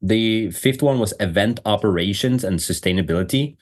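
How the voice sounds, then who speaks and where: Low-voiced man chatting on a podcast. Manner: loose, rambling, frequent fillers, quick laughs. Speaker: podcast host. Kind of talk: casual podcast chat.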